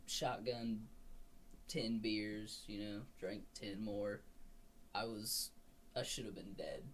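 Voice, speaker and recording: A young man with a lowish voice drawls his way through a party story, loose and unhurried. A faint hum of room noise sits under him. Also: fairly even intonation, rough recording. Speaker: guest. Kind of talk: casual storytelling chat.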